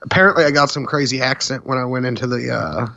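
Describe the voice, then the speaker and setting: A man's voice: mid-range voice, fast, creaky, pushed and bright, dry recording, muffled recording. A man co-hosting a podcast, chatting in a laid-back, joking way. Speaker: podcast co-host. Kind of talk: casual chat.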